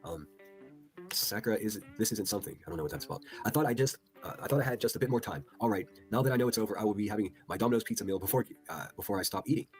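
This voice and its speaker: Casting note: quick, low-voiced male streamer, swearing and disbelieving, faint guitar music underneath. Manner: profane, incredulous, reads chat posts aloud. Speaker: livestream host. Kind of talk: casual livestream commentary.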